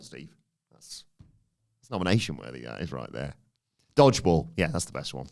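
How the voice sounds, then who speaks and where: A man's voice: a bass voice, sing-song, moderate pace, gravelly, pauses often, darkish tone. A man hosting a casual wrestling podcast, joking, laughing often and acting out quotes. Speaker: podcast host.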